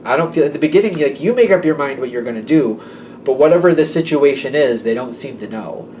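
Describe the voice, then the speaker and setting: A man's voice: medium pitch, expressive, quick pace, darkish tone, slight background noise, rough recording. A man giving a casual tarot reading, rambling and correcting himself, often speaking the listener's imagined thoughts aloud. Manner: rambling, self-correcting, voices clients' thoughts. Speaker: tarot reader.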